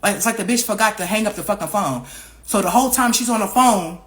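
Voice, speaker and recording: A young woman telling a casual storytime vlog, profane and animated, repeating herself and acting out what other people said. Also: medium pitch, quick pace. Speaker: vlogger.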